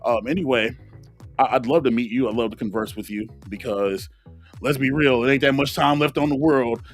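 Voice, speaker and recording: A man's voice: mid-range voice, brisk, faint music behind, natural voice. A man doing a live voiceover for a friend, reading out a rambling joke dating ad. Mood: joking.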